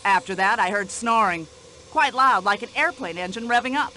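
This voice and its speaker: An actress voicing a brash, nosy older American widow in a video game, speaking in an indignant, chatty American accent. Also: female voice, mid-range voice, expressive, normal speed, pushed and bright, a little hiss or hum.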